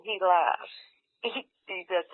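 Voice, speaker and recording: A woman recounting a memory under hypnosis, halting and repetitive, reliving it as it happens. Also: on the low side. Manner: halting and repetitive, reliving events in present tense. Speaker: hypnosis subject. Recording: tinny, phone-like archival tape.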